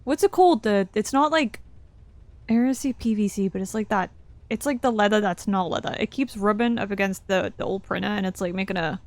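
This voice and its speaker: A woman's voice: medium pitch, brisk, dry recording. A young woman streaming a game from her home desk, rambling casually, swearing freely and laughing between thoughts. Her voice sits mid-range and is recorded close and dry, with no room sound. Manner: chatty, swearing, laughing asides. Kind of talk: casual live-stream commentary.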